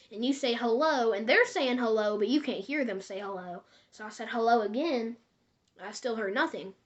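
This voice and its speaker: Casual female storyteller for spooky tales, chatty and rambling, slightly high. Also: dull audio. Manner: rambling, conversational, addresses viewers directly. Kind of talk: casual spoken horror storytelling.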